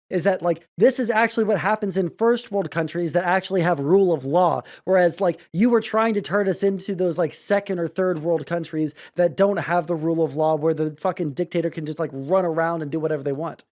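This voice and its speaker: A streamer reacting to news clips live, sarcastic and prone to loud, swearing outbursts. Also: mid-range voice, brisk.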